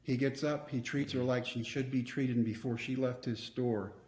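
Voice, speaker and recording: A man's voice: medium pitch, fairly even intonation, moderate pace, a little mellow, reverberant. A man, telling personal stories earnestly as a podcast guest. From Texas. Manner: earnest, reflective storyteller. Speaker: guest speaker. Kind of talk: storytelling interview.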